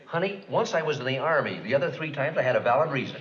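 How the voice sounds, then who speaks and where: An actor in his thirties playing a quick-witted comedy writer, bantering with exasperation in a 1960s sitcom. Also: mid-range voice, lively intonation, heavy background noise, natural voice. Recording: dull 1960s TV soundtrack, studio laughter.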